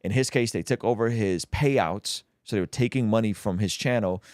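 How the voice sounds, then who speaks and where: A man's voice: fairly low pitch, no room sound, clean studio sound. A man hosting a casual livestream, talking animatedly and bantering with his co-host. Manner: animated, quick to laugh, banter-driven.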